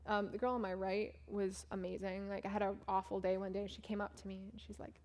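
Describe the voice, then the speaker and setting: Young woman, volunteer teacher, casual storytelling, chatty, lots of "like", middle pitch. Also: little pitch movement, quick pace, darkish tone. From United States. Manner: chatty, full of "like" and "um", acts out what others said. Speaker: volunteer teacher telling about a trip. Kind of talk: casual storytelling talk over photos.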